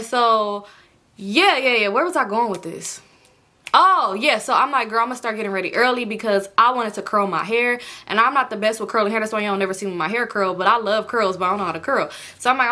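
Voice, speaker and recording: A young American woman telling a storytime on her vlog, chatty and animated, swearing freely. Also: medium pitch. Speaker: vlogger. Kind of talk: casual storytime.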